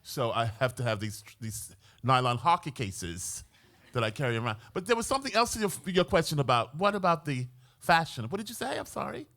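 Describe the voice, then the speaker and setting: An American man acting as curator on a museum panel talks in a flamboyant, theatrical way, his pitch swooping widely. His delivery is brisk and a bit bright, and the lively panel talk takes place in a museum event hall before an audience.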